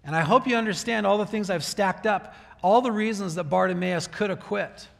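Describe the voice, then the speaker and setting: A man's voice: high voice, a little fast, creaky. A man preaching a conversational sermon as pastor, often stopping to restart a phrase and acting out heartfelt prayers. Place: church sanctuary. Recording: long church hall reverb.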